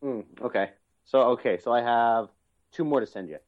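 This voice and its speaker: Young male podcast co-host, enthusiastic and rambling, mid pitch, dull lo-fi recording. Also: moderate pace. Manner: enthusiastic, rambling with many fillers. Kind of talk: casual chat.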